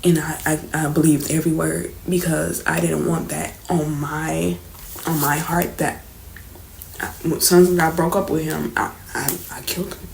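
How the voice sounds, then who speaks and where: A young woman with a deep, creaky voice recounts a personal story for her vlog at a moderate pace and level tone. She's candid and casual, slangy and swearing as she goes, recorded with a roomy echo and faint background noise.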